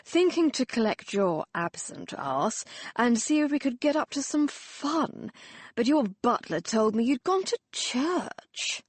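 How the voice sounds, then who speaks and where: A woman voicing a drunken, mocking young Victorian gentleman who talks loudly and slurs his words. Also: on the high side, big pitch swings, takes it slowly, husky, no echo, pitched above the performer's own voice, full character voice. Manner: loud, slurring, teasing.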